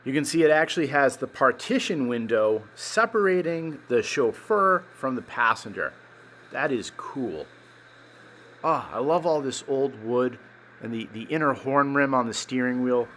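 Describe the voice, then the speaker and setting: A man's voice: mid-range voice, animated, unhurried, a bit bright. A man giving an enthusiastic, chatty walkthrough of a car dealership showroom. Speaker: car vlogger. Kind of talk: casual walkthrough narration.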